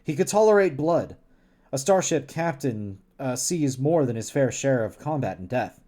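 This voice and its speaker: A man's voice: medium pitch, lively intonation, normal speed, warm tone. A man streaming a casual read-along of a novel, laughing often and stumbling over words. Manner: giggly, stumbles and restarts often. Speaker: streamer reading a novel aloud.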